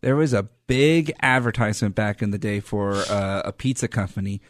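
A man's voice: on the low side, normal speed, no echo, clean studio sound. A young man co-hosting a car talk radio show, chatting casually with stammering restarts and self-deprecating humor. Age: young adult. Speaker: radio co-host. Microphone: studio microphone.

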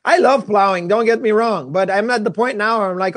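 A man, a former goalie co-hosting a casual sports talk show, telling animated stories with many restarts. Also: high-pitched, a little fast, no echo. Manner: animated storyteller, lots of restarts.

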